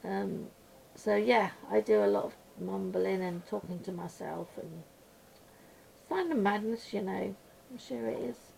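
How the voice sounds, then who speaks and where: A woman chatting casually while she colours at a desk at home, rambling and mumbling quietly to herself, a little blocked up with her voice going gruff. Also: mid-range voice, sing-song, measured pace, a little hiss or hum, poor audio. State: slightly congested, voice going gruff. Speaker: colouring channel host. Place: small room at home.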